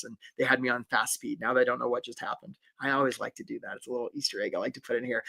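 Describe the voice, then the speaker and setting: A man's voice: mid-range voice, steady tone, fast talker, vocal fry, pushed and bright. A man coaching job seekers in a live webinar, upbeat and encouraging, calling out viewers by name.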